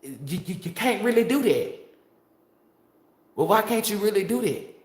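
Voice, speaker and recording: A woman's voice: medium pitch, lively intonation, moderate pace, darkish tone. Blunt, profane woman in an echoey room. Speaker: tarot reader. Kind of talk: casual monologue to viewers.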